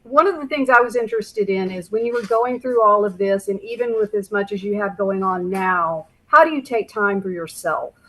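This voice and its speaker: A woman's voice: mid-range voice, moderate pace, hardly any pauses, fairly bright tone, rough recording. Friendly middle-aged woman caller. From Houston, Texas. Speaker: caller asking a question. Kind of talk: casual chat.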